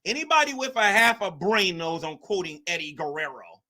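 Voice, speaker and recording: Lively, bright-voiced man rambling on stream. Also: high-pitched, fairly quick. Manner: rambling, repeats himself, reacts to chat. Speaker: livestream host. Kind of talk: casual livestream chat.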